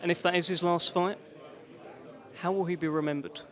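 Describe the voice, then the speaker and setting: A man interviewing a boxing promoter after a fight, asking brisk, leading questions. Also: high-pitched, steady tone, a crowd in the background.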